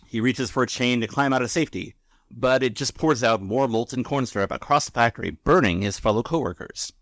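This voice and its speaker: A man's voice: medium pitch, brisk, a bit bright, no room sound. Male podcast co-host, rambling casual recap, dry close sound. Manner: rambling, filler-heavy.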